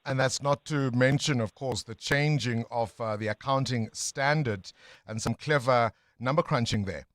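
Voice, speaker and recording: A South African man hosts a breakfast radio show and asks probing, pointed questions. His voice is mid-pitched and recorded close on a studio mic. The sound is dry and clean. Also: moderate pace, a bit bright, no echo. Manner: probing, presses for accountability. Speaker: radio talk show host. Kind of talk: breakfast radio interview and links.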